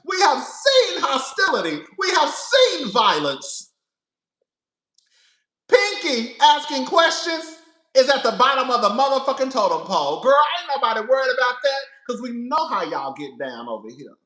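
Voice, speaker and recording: Sassy male vlogger, bright tone, laughs a lot, roomy echo. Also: extremely high pitch, normal speed. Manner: sassy, profane, laughs often, animated. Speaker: pop culture commentator. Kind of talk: casual reality-TV commentary.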